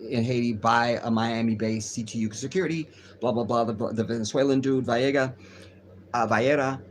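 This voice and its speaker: A man's voice: medium pitch, steady tone, fairly quick, a little hiss or hum. A man hosting a casual livestream, reading news aloud and riffing on it in a rambling, profane way. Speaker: livestream host.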